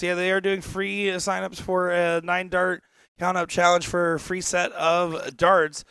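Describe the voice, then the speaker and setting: A man's voice: high-pitched, fairly even intonation, a little slow, bright, forceful tone, smooth, no room sound. A man doing live darts commentary with casual, joking asides. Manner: chatty, joking, rambling asides. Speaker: dart commentator.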